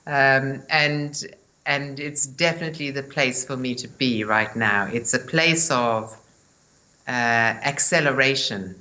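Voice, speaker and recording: A woman with a light English-speaking South African accent, speaking in a measured, earnest way as a spiritual teacher being interviewed. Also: rumbling low, pushed and bright, poor audio. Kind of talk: interview guest, spiritual talk.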